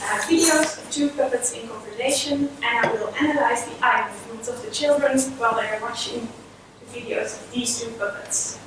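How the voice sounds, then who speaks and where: A woman researcher giving a conference presentation on child language, explaining steadily like a lecture. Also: high voice. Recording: echoey hall, far from mic, noisy.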